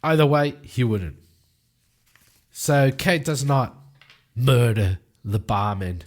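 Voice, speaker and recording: A man narrating his solo tabletop game, telling the story in a lively way and acting out scenes. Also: mid-range voice, slow pace.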